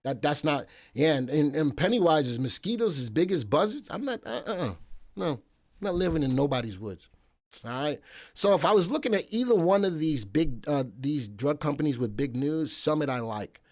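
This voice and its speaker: A man's voice: a little high, sing-song, normal speed, no room sound, studio quality. A man hosting a live stock market show, talking casually and wandering into joking asides. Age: adult, past military service.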